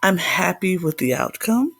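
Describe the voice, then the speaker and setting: A woman hosts a casual podcast with sassy, playful diva flair. Her voice is raspy with some gravel, and her pitch swings widely as she talks. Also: sing-song, moderate pace, a bit bright, dry recording. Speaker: podcast host. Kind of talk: casual chat.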